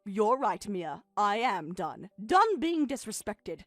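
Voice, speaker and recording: A woman's voice: medium pitch, very animated, slow pace, dry recording, faint music behind. A synthetic female text-to-speech voice reading a hurt, sarcastic middle-aged mother in a text-message story. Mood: bitter.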